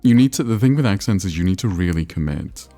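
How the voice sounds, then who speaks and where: Talking fast in a low, mellow voice with lively intonation, a man streams himself playing a geography game over soft background music. He rambles on, responds to messages from chat, and jokes at his own expense.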